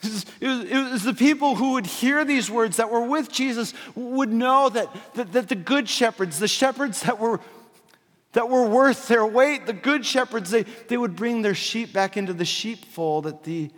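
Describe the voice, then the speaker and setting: A man in his thirties preaching a sermon, swinging from loud, emphatic peaks to hushed, low passages, with jokey asides and stories. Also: moderate pace. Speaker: pastor. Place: church sanctuary. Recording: long reverb of a large hall.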